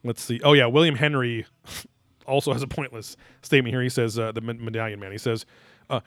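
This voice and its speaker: A man's voice: mid-range voice, fairly even intonation, brisk, a bit bright, no room sound, clean studio sound. A man hosting a podcast, talking in a loose, rambling way, full of fillers and crude jokes. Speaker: podcast host. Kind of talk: casual commentary chat.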